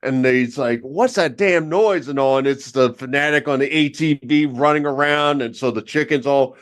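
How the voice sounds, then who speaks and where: A man's voice: medium pitch, flat delivery, moderate pace, fairly bright tone, clear, resonant tone. A man co-hosting a podcast, telling a rambling, filler-heavy comic story in casual banter. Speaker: podcast co-host.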